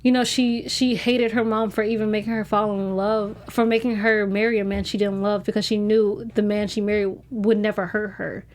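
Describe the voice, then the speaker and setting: A woman's voice: mid-range voice, little pitch movement, normal speed, hardly any pauses. A woman co-hosting a TV recap in casual chat, candid and emotional, often restarting her sentences. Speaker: co-host.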